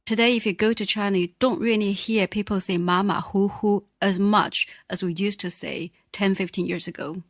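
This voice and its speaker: A woman teaching a beginner language lesson on a podcast, patient and modelling words slowly. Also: medium pitch, steady tone, no room sound, studio quality.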